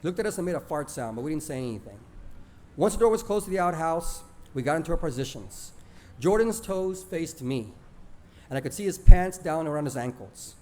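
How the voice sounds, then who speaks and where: A man reading his own stories aloud to a live audience in a lively, expressive storytelling manner. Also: a little high, brisk.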